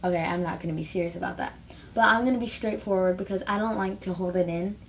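A woman's voice: lowish voice, fast, slight background noise. A teenage girl ranting bluntly to camera in a casual vlog, rambling with lots of "like". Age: teens. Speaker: vlogger.

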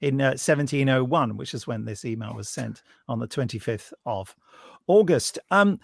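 Man, podcast host, reads emails aloud, wry asides, middle pitch, dry close sound. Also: expressive, moderate pace, gravelly, no echo. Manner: wry, joking asides while reading. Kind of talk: casual chat, reading listener emails aloud.

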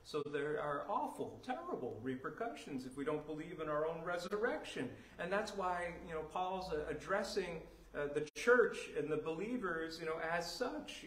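In a church sanctuary, a pastor preaches a sermon, working through scripture in a loose, conversational way peppered with "you know" and "uh" before building to emphatic declarations. His voice sits a little high and is expressive at a normal speed with few pauses. The audio is poor and sounds roomy.

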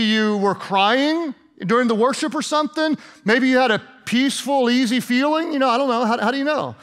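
Brief: male preacher, high-pitched, chatty and sarcastic, stammers out repeated words. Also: expressive, brisk, few pauses, fairly bright tone. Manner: conversational, sarcastic, repeats words while speaking. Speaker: pastor. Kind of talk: sermon.

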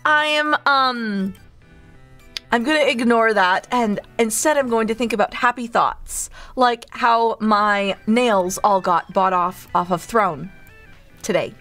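A woman's voice: a little high, slow pace, a bit bright, faint music behind. A woman streamer hosting a cozy barista role-play, reading chat aloud in a teasing, playfully motherly way. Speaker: VTuber streamer, host.

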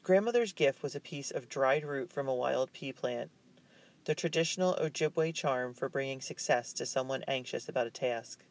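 A male audiobook narrator reading a chapter book at a measured, even pace. His delivery is calm and steady, built for storytelling. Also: medium pitch.

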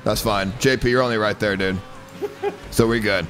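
A young man streaming a racing game, trash-talking and swearing at his friends, often yelling when things go wrong. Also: on the low side, steady tone, moderate pace, clear, resonant tone, faint music behind. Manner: yells when the race goes badly. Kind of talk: gaming stream chat.

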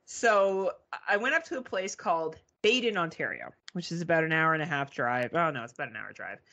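Lively woman telling a story. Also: low voice, brisk. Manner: animated, swearing, mimics beeping sounds. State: arm in a sling. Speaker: podcast co-host. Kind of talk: casual storytelling chat.

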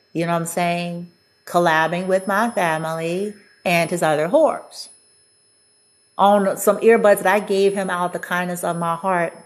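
Chatty woman telling a laughing story. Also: on the low side. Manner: chatty, laughs often, acts out quotes. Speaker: spiritual storytime vlogger. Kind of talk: casual storytelling monologue.

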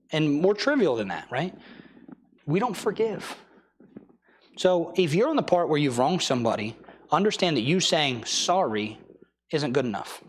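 A man's voice: mid-range voice, slight background noise. A young man preaching a sermon in a church, telling a story with acted-out quotes.

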